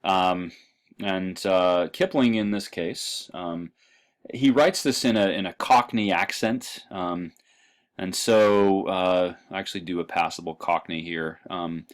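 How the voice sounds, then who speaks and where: A man lecturing to a history class in a very low voice. He loses his thread often, filling gaps with um and uh, and his throat sounds dry. The delivery is relaxed and conversational. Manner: halting, lots of ums and uhs.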